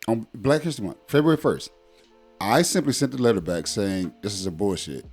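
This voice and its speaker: Man, 30s, parent, casual conversation, blunt, emphatic, fillers, lowish voice, faint background music. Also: expressive, brisk, darkish tone, husky. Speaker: guest parent.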